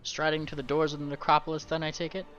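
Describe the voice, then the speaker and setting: A man narrating a tabletop game as game master, in a casual, halting way. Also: on the high side, level tone, lo-fi sound, over music.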